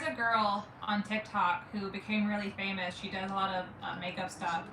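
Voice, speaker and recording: A woman's voice: mid-range voice, little pitch movement, normal speed, pushed and bright. A woman in her forties from Saint Louis, co-hosting a watch party in rambling, giggly casual chat. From Saint Louis, USA. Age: 40s. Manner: giggly, rambling, self-interrupting. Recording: roomy, distant mic, noisy.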